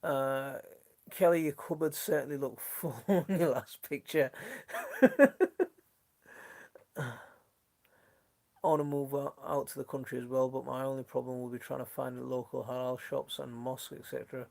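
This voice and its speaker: Gravelly-voiced man with a Yorkshire accent. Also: mid-range voice, steady tone, moderate pace, pauses often, a little mellow. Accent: mixed Leeds and Sheffield. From Northern England. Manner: chatty and friendly, trails off and restarts often. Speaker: gardening channel host. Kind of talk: casual live stream chat, reading out viewer comments. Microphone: phone.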